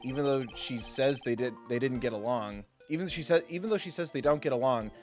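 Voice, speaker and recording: A man's voice: mid-range voice, a little fast, darkish tone, faint music behind. A man streaming a game live, chatting casually with his viewers in a self-deprecating, giggly way.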